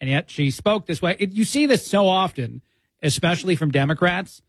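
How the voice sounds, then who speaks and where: A man's voice: high voice, expressive, moderate pace, no echo. A man filling in as a radio host, giving opinionated commentary with frequent "uh" fillers into a studio mic.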